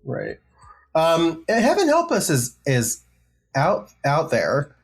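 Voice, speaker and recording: Excitable, swearing male podcast host. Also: fairly high pitch, slow pace, creaky, breathy edge. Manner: excitable, swears freely, lots of filler. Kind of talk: casual chat about music.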